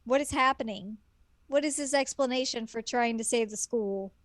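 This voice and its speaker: A woman's voice: fairly high pitch, normal speed, a bit bright, dry recording. Wry woman co-hosting an anime chat. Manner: wry, skeptical quips. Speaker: co-host. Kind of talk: casual chat.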